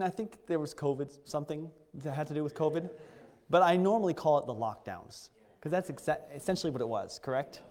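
A slightly high-voiced male missionary pastor gives his testimony from the pulpit, earnest and conversational, often stopping to restart a thought. The sound rings with the long reverb of a church hall. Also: darkish tone. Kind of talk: sermon testimony. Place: church sanctuary.

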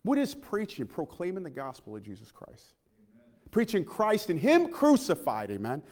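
A man preaching a sermon in a church, impassioned, swinging from loud calls to hushed asides and asking his listeners questions. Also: high-pitched, wildly swooping pitch, moderate pace, long reverb tail.

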